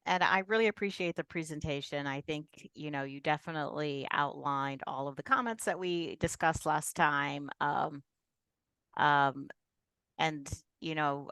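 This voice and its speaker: A woman's voice: deep voice, fairly bright tone, clean tone, dry recording. A woman on a design commission giving hesitant, politely skeptical feedback with many fillers. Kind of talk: public meeting critique.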